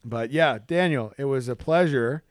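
A chatty man co-hosts a podcast and tells stories with lots of energy. He jumps up high to act out the people in his stories and stumbles over his words as he goes. His voice sits in a middle range, and the recording is dry and close. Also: moderate pace, no echo. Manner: animated storyteller, acts out quotes in a high excited voice, many restarts. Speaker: podcast co-host. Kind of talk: casual storytelling chat.

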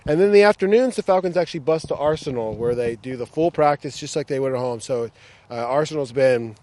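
A man's voice: mid-range voice, fast, a little mellow. An American man hosting a casual sports podcast outdoors, upbeat and joking, with many fillers. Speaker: podcast host. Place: outdoors at a training ground.

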